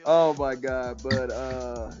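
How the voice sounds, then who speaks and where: A podcast host in a casual recap chat, talking in an animated, mocking way. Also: medium pitch, slow, dull audio, music in the background.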